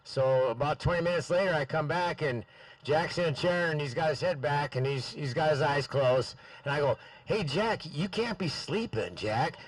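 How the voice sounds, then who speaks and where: A man's voice: fairly high pitch, steady tone, normal speed, dry recording, recorded from a distance, low-quality recording. A man telling a casual, chuckling anecdote as a speaker at a memorial gathering. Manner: anecdotal, chuckling at his own story. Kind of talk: casual storytelling.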